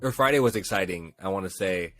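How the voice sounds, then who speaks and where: A man co-hosting a casual gaming podcast, telling stories and acting out quotes in raised, excited voices. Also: low voice, quick pace, no room sound. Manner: animated storyteller, acts out quotes in raised voices. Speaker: podcast co-host. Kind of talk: casual chat.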